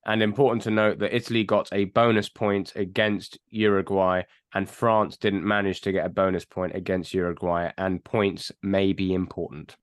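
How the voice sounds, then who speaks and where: A man co-hosting a casual sports podcast, blunt and quick to swear as he rants. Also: low voice, little pitch movement, clean tone. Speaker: podcast co-host.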